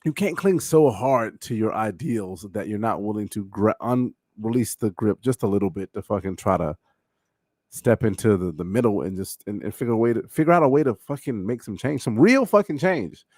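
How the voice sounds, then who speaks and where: Profane, animated podcast co-host man. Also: lowish voice, moderate pace, no echo, clean studio sound. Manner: animated, profane, many fillers and restarts. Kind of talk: casual chat.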